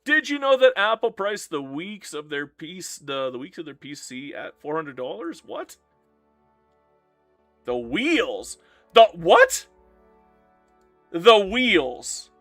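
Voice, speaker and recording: Man, game streamer, playful teasing banter, faint music behind, very lively intonation. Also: fairly high pitch, slow pace, long pauses, no room sound. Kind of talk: live-stream commentary reading chat.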